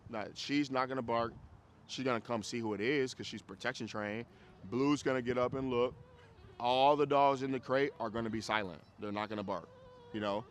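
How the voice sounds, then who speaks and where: A man's voice: medium pitch, normal speed. A man with a Chicago accent teaching a dog training group class, talking casually and bluntly, swearing and checking that people follow him.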